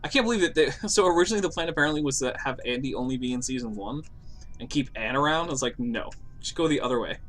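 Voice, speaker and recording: A man's voice: mid-range voice, animated, fast talker, fairly bright tone, soft background music. A young man chatting casually and opinionatedly while streaming a game, cracking jokes. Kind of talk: casual gaming stream chat.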